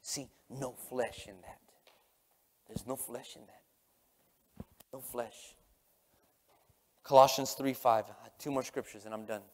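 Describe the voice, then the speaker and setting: A Texan man preaches with raw emotion from the pulpit. His mid-range voice drops low and hushed, then surges loud. The sound carries the long reverb of a large church sanctuary. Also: steady tone, slow pace, pauses often. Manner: impassioned, swinging from hushed to loud. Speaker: pastor. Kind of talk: emotional sermon.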